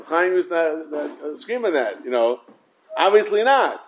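In an unhurried, sing-song manner and a slightly high voice, a Torah study teacher gives a casual English Talmud class, blending in Hebrew and Yiddish terms. He repeats words often and asks rhetorical "yeah?" and "right?" The rough recording has slight background noise.

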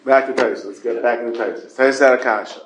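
A man teaches a Talmud class in a brisk mid-range voice, with a roomy sound and background noise. He explains through repeated rhetorical questions, going over his points again and stressing key words.

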